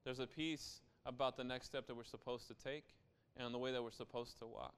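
Young male pastor, very clear resonant voice, casual conversational sermon with frequent asides. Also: mid-range voice, steady tone, brisk, fairly bright tone.

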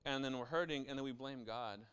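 A man's voice: mid-range voice, brisk, a bit bright, smooth. A young adult man preaching a sermon as pastor, in a conversational style with frequent asides to the listeners.

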